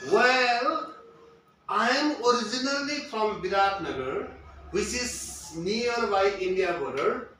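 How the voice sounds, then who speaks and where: Echoey high-voiced teacher. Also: male voice, a bit bright, a little hiss or hum. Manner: repeats each tip and asks himself "what does it mean?". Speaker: English test teacher. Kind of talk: classroom-style spoken lesson. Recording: very echoey room, voice from far off mic.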